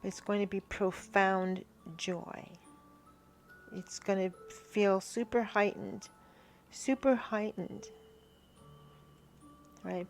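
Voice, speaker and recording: A woman tarot reader speaks slowly to her viewers, her voice full of gravelly fry. She stops and restarts often and keeps asking "right?". Soft music plays faintly under her reading. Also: medium pitch. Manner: halting, repeats herself, frequent "right?". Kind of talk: spiritual card reading to viewers.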